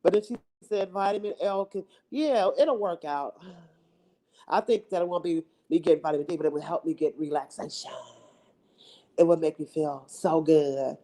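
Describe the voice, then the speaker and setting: A woman's voice: sits low, normal speed, mellow. A woman vlogger chatting casually and playfully to her viewers into her phone, laughing often as she teases.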